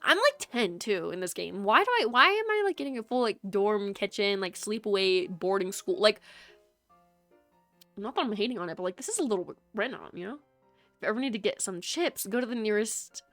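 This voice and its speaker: A woman's voice: mid-range voice, animated, a little fast, fairly bright tone, no echo, faint music behind. A woman streaming a video game, chatting casually with her viewers, teasing and laughing often.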